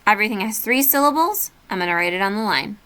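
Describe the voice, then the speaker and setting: A patient woman teacher talks students through a worksheet in a steady, mid-pitched voice. She slows down to spell words out letter by letter and keeps her instructions simple. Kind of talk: remote classroom lesson.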